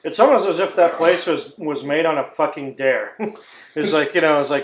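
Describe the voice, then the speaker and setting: A man from Texas co-hosting a podcast in casual, profane chat, loud and quick to laugh, ranting in put-on voices. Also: a little high, slight background noise. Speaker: podcast co-host. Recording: roomy echo.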